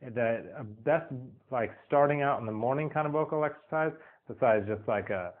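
A man giving a casual singing lesson, rambling, repeating himself and filling pauses with "um" and "uh". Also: medium pitch. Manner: rambling, repeats words, many fillers. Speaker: singing teacher. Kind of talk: casual spoken vocal lesson. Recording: tinny phone-like audio.

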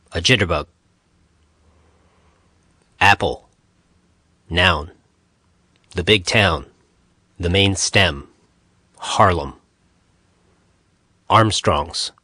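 Very slow, low-voiced male narrator. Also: pushed and bright, no room sound, clean studio sound. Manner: reads dictionary entries in short, measured phrases. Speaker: audiobook narrator. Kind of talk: scripted audiobook narration.

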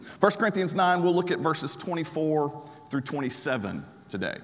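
Preacher, male, fairly high voice, chatty sermon delivery, long church reverb. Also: big pitch swings, normal speed, fairly bright tone. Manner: conversational, with frequent restarts and asides to the congregation. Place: church sanctuary.

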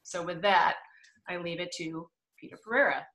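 Woman host, bright clear tone, chatty intro with fillers, video call. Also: on the low side, moderate pace. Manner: friendly, with many fillers. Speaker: museum event host. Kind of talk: virtual lecture introduction.

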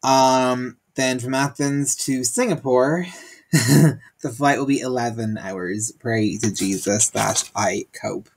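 A man's voice: medium pitch, takes it slowly. A man from Ireland, co-hosting a podcast in a casual, joking, rambling way and laughing often. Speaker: podcast co-host. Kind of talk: casual chat.

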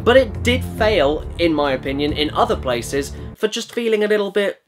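A young man with an energetic, jokey manner who swears freely, narrating a scripted comedic video game retrospective as its reviewer. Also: sits high, moderate pace. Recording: faint music bed behind voice.

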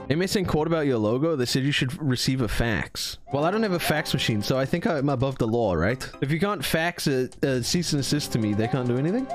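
A young man streaming himself playing a game in a tournament, excitable and jokey, yelling and swearing when things go wrong. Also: medium pitch, quick pace, few pauses, soft background music. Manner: excitable, swears a lot, yells in frustration, jokey. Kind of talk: casual live-stream commentary while gaming.

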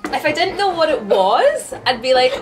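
A woman's voice: sits high, very animated, moderate pace. A young woman hosting a casual food vlog in a restaurant, bubbly and encouraging, often laughing. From Australia. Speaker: host. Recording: background music, distant mic.

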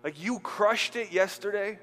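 A man with a high voice preaches a sermon, loose and animated, dropping slang and acting out quotes. His voice rings with a long hall reverb, and faint music plays underneath. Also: a little slow. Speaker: pastor. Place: church hall.

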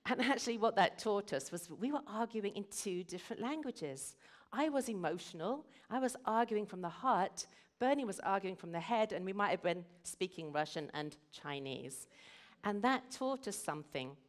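A woman's voice: medium pitch, expressive, normal speed. A middle-aged woman giving a sermon, explaining and telling stories in an earnest way. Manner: earnest, storytelling. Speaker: guest speaker at a church service.

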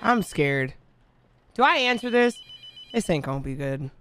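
A woman's voice: fairly low pitch, big pitch swings, measured pace, a bit bright, slight background noise. A woman streaming a horror game, reacting with screams, nervous laughter and casual swearing. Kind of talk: reaction gaming commentary.

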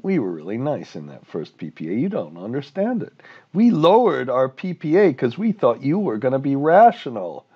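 Brief: lecturer putting on an aggrieved owner, higher voice, lo-fi recording. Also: male voice, sing-song, normal speed, husky. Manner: insistent, aggrieved. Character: aggrieved plant owner, adult man, pleading.

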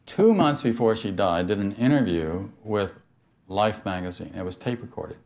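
An older man, a speaker on mysticism, gives a spiritual talk to an audience, telling stories, laughing often and putting questions to his listeners. His voice is lowish, animated and unhurried, with a darkish tone.

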